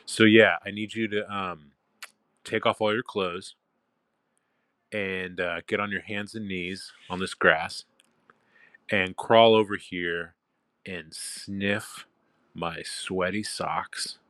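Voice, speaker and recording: A man's voice: low voice, fairly even intonation, slow, pauses often, a bit bright, no echo, clean studio sound. A man talking casually outdoors in a park, laid-back and drawling with fillers, then turning commanding and domineering toward his listeners. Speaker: online dominant addressing followers. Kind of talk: casual spoken monologue.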